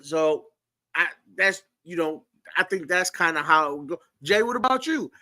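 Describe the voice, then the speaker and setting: Bright-voiced man hosting a chat. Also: fairly high pitch, moderate pace, no room sound. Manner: animated, quizzing the guests. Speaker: podcast host. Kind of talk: casual group chat.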